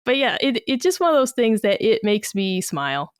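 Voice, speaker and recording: Speaking with a fairly high pitch at a normal speed, this Massachusetts-accented podcast co-host spins chatty stories, dropping in lively quotes from other people. The sound is clean, dry, and studio quality.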